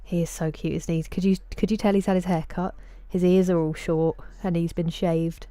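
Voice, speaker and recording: A woman's voice: on the low side, level tone, moderate pace, warm tone, no echo. A woman streamer in casual live-stream chat, answering viewers' messages by name at a desk microphone in a room at home.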